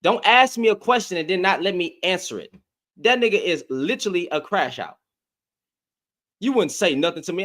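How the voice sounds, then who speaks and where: A man's voice: high-pitched, expressive, moderate pace, a bit bright. A man hosting a live audio debate, arguing heatedly and repeating his phrases over and over. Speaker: host.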